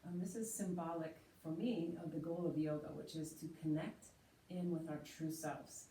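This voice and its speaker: Soft-spoken woman guiding yoga, roomy echo. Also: low-pitched, steady tone. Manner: slow, gentle cueing of breath and movement. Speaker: yoga teacher. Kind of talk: guided yoga instruction. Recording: roomy echo, voice from a distance, faint hiss.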